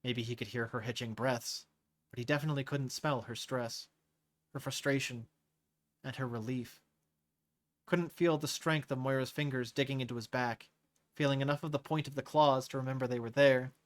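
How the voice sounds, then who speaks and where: A man hosting a live reading of a novel, narrating in a measured way and rereading lines he stumbles on. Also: mid-range voice, steady tone, dry recording. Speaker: host reading a novel aloud. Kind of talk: scripted narration read aloud live.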